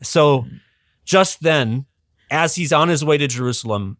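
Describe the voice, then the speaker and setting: A man, a podcast guest and religious educator, telling a history in a casual, animated way, with frequent ums and restarts. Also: fairly high pitch, a little slow, dry recording, clean studio sound. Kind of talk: casual storytelling explanation.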